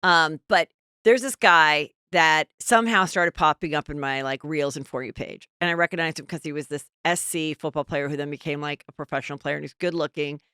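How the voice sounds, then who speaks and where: A middle-aged woman hosts a podcast in casual, chatty conversation, jumping from story to story. Her voice is low-pitched and smooth, with a clean resonance. The recording is dry and close, with no room sound. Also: fairly even intonation, brisk, sharp tone, no room sound. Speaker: podcast host. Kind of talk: casual chat.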